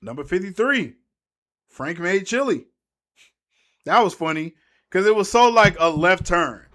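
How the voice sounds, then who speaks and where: A man's voice: high-pitched, expressive, measured pace, fairly bright tone. Laid-back slangy guy recapping a movie. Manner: rambling and slangy, trailing off mid-thought. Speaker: movie breakdown YouTuber. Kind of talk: casual movie recap commentary.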